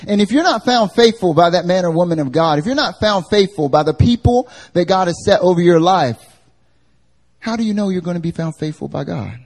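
A man preaching a live church sermon, animated and conversational, acting out everyday voices. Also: high-pitched, fairly quick. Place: church service.

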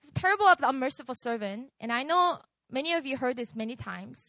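A woman's voice: sits high, expressive, fast talker, pushed and bright, dry recording. A woman giving a casual sermon, chatting with her listeners and quizzing them with "right?" as she goes. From outside America. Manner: conversational, keeps quizzing the audience with "right?". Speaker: preacher. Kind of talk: casual sermon to a young congregation.

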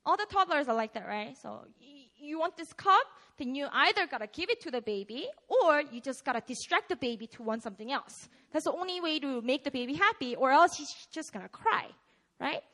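A woman in her twenties giving a casual sermon in an animated, chatty way, often asking the audience questions. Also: sits high, fairly quick. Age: 20s. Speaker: preacher.

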